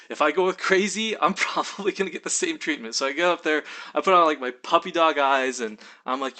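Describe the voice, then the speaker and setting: A young man telling a story casually in his vlog, animated, full of fillers and acted-out quotes. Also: on the high side, a little fast. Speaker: vlogger.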